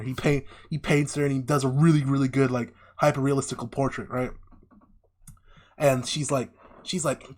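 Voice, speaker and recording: A man co-hosting a casual podcast, retelling a story with animated, sweary voices for each character. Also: mid-range voice, fairly quick. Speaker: podcast co-host.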